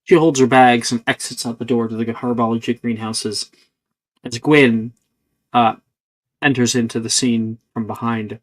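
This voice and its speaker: A man's voice: medium pitch, flat delivery, normal speed. A man narrating as the game master of a tabletop role-playing game, with many hesitations and fillers.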